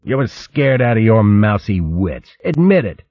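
A man voicing a gruff, boisterous female otter aunt who shouts and teases in rough, rustic grammar. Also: fairly low pitch, big pitch swings, a little slow, no echo, muffled recording, pitched above the performer's own voice.

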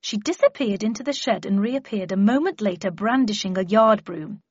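A woman narrating a story in the first person in an even, wry manner. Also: mid-range voice, moderate pace, slightly rough, no room sound, lo-fi sound. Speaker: audiobook narrator.

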